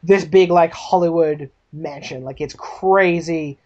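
A woman improvising a comedy TV pitch, rambling, full of fillers, and animated. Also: measured pace. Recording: slightly dull lo-fi recording.

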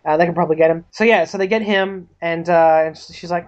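A woman improvising a comedy TV pitch, rambling, full of fillers, and animated. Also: fast. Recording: slightly dull lo-fi recording.

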